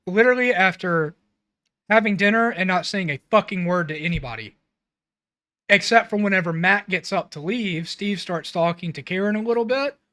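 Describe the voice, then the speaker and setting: A man's voice: high-pitched, normal speed, pushed and bright, no echo. A man co-hosting a casual film review podcast, recapping scenes in a blunt, rambling way and swearing freely. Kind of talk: casual chat.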